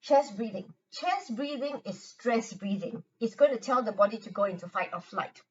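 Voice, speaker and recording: A woman explaining a calming exercise in an earnest manner, often repeating words and restarting her sentences. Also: a little high, normal speed, breathy edge, distant mic, muffled recording. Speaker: health educator. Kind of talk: instructional talk guiding a self-help exercise.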